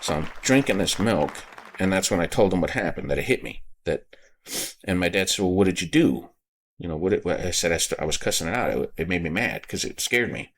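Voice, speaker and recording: A man hosting a podcast, telling a personal story in a halting way, repeating words and getting choked up. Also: low-pitched, lively intonation, a bit bright, some chatter behind. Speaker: podcast host.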